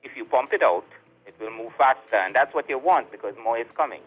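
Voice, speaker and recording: A man's voice: medium pitch, expressive, brisk, faint music behind. A man calling in to a radio show, explaining his point steadily. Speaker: radio call-in caller. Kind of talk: phoned-in explanation. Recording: muffled phone line.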